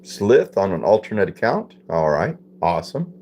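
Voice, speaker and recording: A man's voice: lowish voice, big pitch swings, moderate pace, darkish tone, a little hiss or hum. A man hosting a casual live stream, reading viewer comments aloud, repeating phrases and puzzling over them.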